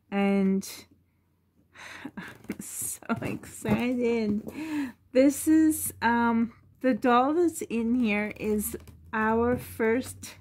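Woman, unboxing vlog, gushing, emotional, slightly high voice, unhurried. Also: a little hiss or hum. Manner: gushing, emotional, with frequent laughs and sighs. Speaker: doll collector vlogger. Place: on the floor at home.

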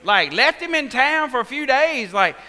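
Lively high-voiced Texan preacher in a hall. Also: male voice, moderate pace. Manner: animated storytelling, acting out voices with Southern-style talk. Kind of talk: sermon. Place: church sanctuary. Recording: echoey church hall.

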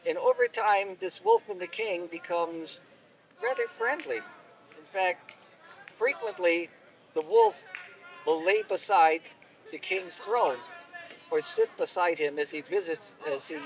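A man telling a folk tale aloud at an outdoor event, unhurried and expressive, recorded from a distance. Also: high-pitched, creaky. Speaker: storyteller. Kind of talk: oral storytelling.

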